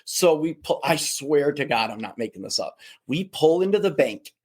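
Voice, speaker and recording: Male podcast guest, casual storyteller, slightly high pitch, acts out the people he talks about. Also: normal speed, slightly rough. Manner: animated, does voices of people in his stories.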